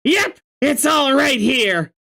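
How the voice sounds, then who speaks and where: A reader voicing a hot-tempered young male troll who shouts and rants in exasperation. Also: high-pitched, animated, takes it slowly, vocal fry, voice pushed up, heavily acted. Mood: angry ranting.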